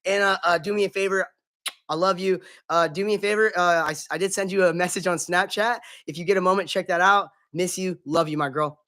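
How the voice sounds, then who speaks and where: A man's voice: high voice, steady tone, a little fast, hardly any pauses, sharp tone. A man hosting a casual gaming live stream, chatting in an upbeat, chummy way, greeting viewers by name and swearing casually.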